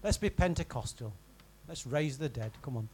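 A man preaching a sermon in a church, in a conversational style that swings from emphatic to quiet and intimate. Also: medium pitch, animated, moderate pace, a little hiss or hum, poor audio. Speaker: pastor.

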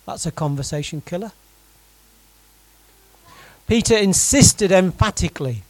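A man preaching a sermon to his congregation in a conversational, animated way, often putting direct questions to the room. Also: high-pitched, a little slow, pauses often, no room sound, low-quality recording. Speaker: pastor.

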